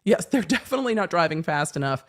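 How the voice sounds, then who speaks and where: Lively woman host chatting on a livestream. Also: lowish voice, quick pace. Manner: animated, laughing, swearing freely. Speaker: legal commentary livestream host. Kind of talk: casual livestream chat.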